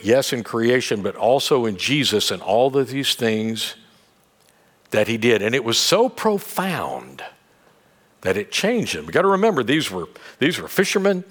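Lively conversational male pastor preaching. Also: medium pitch. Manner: conversational, animated preaching with humor and restarts. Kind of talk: sermon.

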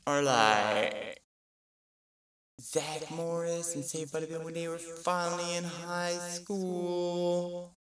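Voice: steady tone, takes it slowly, a bit bright, faint music behind. A stand-up comedian telling freestyle stories in a rambling, profane, conversational way, often jumping into voices of other people. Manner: acts out quoted voices with big pitch jumps. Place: live stage before an audience. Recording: distant mic with clear crowd noise.

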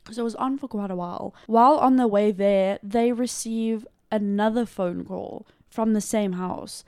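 A woman's voice: mid-range voice, fairly even intonation, normal speed, warm tone, clear, resonant tone, dry recording, clean studio sound. A woman co-hosting a podcast, telling a true crime case in a loose, chatty way, full of "like" and casual swearing. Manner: loose and conversational, heavy use of "like" and swearing. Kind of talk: casual storytelling chat.

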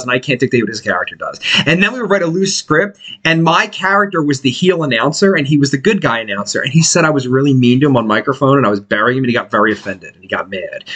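A man's voice: a little high, slightly rough. A man co-hosting a podcast, telling stories in casual chat and acting out what other people said. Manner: animated storyteller who acts out other people's lines. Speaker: podcast co-host.

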